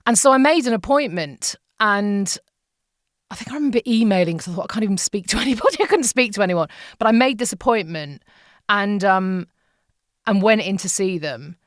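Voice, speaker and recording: A middle-aged woman, a podcast guest, telling a personal story with emotion, often halting and repeating herself. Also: mid-range voice, expressive, no echo, clean studio sound.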